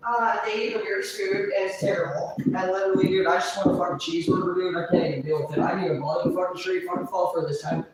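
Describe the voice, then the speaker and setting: A woman's voice: on the low side, fairly quick, a little hiss or hum. A woman telling a long story on a livestream in a rambling, profane way, swearing constantly. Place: indoors, live stream. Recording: roomy echo, distant mic.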